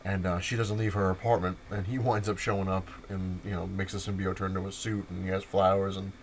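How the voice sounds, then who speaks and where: A young man with a low voice talks through comics in a loose, rambling vlog. He leans on fillers and chuckles as he goes. A faint room hum sits behind him. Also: flat delivery, quick pace. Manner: rambling, filler-heavy retelling with laughs. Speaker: comic book vlogger. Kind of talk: casual comic review vlog.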